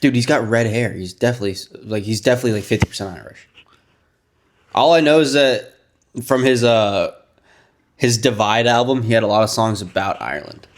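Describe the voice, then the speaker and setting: A man's voice: fairly low pitch, fairly quick. A man co-hosting a podcast, talking eagerly about sports in a chatty, hedging way. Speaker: podcast co-host. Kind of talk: casual chat.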